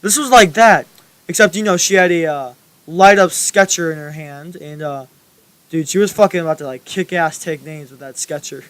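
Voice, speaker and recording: A man's voice: on the high side, moderate pace, fairly bright tone, clear, resonant tone, no echo. A young man telling a school story in a casual, rambling way, full of fillers and swearing. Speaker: storytelling YouTuber.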